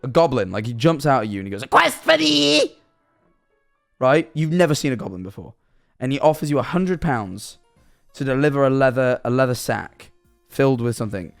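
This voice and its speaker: Rambling young streamer. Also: male voice, mid-range voice, expressive, quick pace, darkish tone, faint music behind. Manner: rambling, hypothetical storytelling, reacting to chat. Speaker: livestreamer. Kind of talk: casual live-stream chat.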